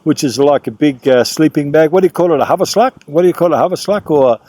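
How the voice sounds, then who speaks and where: Laid-back Australian man, mellow voice. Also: fairly high pitch, quick pace. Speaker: tour operator. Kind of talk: casual interview.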